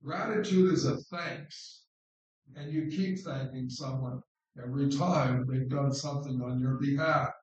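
A man preaching an informal sermon on scripture in an unhurried, conversational way, repeating words for stress. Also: mid-range voice, darkish tone, dull audio. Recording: very echoey room, distant mic.

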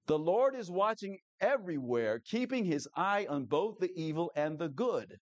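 Male pastor, lively and animated delivery, dry close sound. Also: high-pitched, normal speed, few pauses, dry recording, lo-fi sound. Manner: animated, repeats key phrases, asks the audience "okay?". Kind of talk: sermon.

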